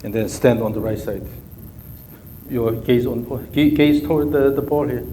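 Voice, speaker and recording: A man with a Korean accent coaches a golf student in a live session, giving short cues he repeats during drills. His voice is mid-range and warm, at a moderate pace. The room is echoey with faint ambience and a little hiss or hum.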